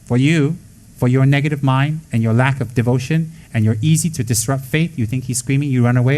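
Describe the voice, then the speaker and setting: A man's voice: medium pitch, fast talker, a little mellow. A man in a mid-range voice gives a loose, unscripted Buddhist teaching. He talks bluntly and with emphasis, asks rhetorical questions and answers them himself, and drops in teasing jokes. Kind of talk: informal dharma talk.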